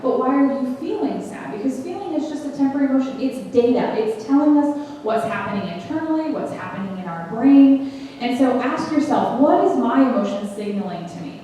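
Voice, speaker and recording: A woman's voice: a little high, warm tone, far from the mic, slight background noise. Earnest woman teaching in an echoey hall. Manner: earnest, conversational, reads scripture aloud. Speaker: speaker. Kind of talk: women's teaching talk.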